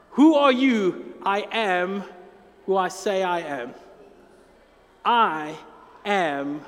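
A man preaching a sermon as pastor, earnest and emphatic, drawing out key phrases. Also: sits high. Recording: long hall reverb.

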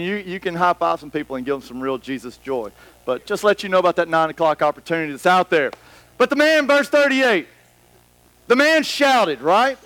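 A man's voice: high voice, fairly bright tone, dry recording, poor audio. A man preaching a conversational sermon in church, slipping into quoted voices and back. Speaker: pastor.

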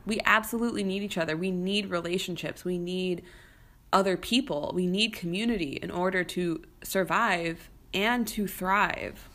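Chatty young woman with a lowish voice. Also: normal speed. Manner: animated, chatty, many fillers and restarts. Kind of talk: casual storytelling monologue.

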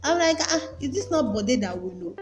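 Actress as a meddling Nigerian friend, exclamatory, music underneath. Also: female voice, sits high, very animated, a little fast, reverberant. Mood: excitable. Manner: exclamatory, mixes in Pidgin. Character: loud meddling young woman friend. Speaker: friend mediating. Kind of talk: comedy skit acting.

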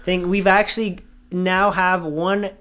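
A man from Canada co-hosting a podcast in casual chat, easygoing and quick to laugh. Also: sits high, little pitch movement, a bit bright, clear, resonant tone. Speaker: podcast co-host.

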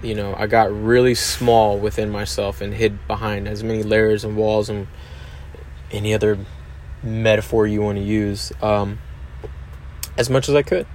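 A man with a somewhat low voice speaks alone on his podcast. He talks in a hesitant, confessional way, with frequent ums and restarts. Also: flat delivery, normal speed, a little mellow, a little hiss or hum. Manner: hesitant, many fillers and restarts, open and confessional. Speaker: podcast host. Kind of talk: candid solo podcast monologue.

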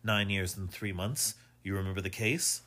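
A man's voice: sits low, normal speed, bright, forceful tone. A man doing a dogged, sure old inspector. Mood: precise. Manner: positive, precise, insistent. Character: retired male police inspector, older, dogged and sure of himself.

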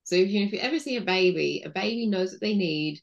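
A woman's voice: mid-range voice, animated, fast talker, gravelly, dull audio. A woman guest on an interview podcast, explaining ideas patiently with frequent "you know" fillers and guiding listeners through a body-awareness exercise. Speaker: guest, intuition coach.

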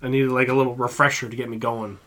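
A man's voice: medium pitch, level tone, fast, sharp tone. A man hosting a podcast, chatting casually and retelling a comedy bit in a loose, rambling way full of "like". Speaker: podcast host. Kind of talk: casual chat.

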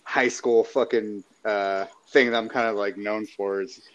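A man's voice: on the low side, fairly even intonation, unhurried, muffled recording. A man in casual chat, laid-back and joking, mostly giving short reactions.

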